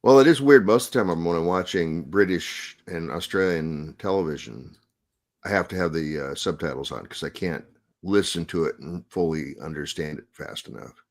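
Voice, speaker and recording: A man with a West Coast American accent, co-hosting a live coding Q&A in jokey, chatty casual talk. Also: deep voice. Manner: jokey, chatty, quick to laugh. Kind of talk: casual chat.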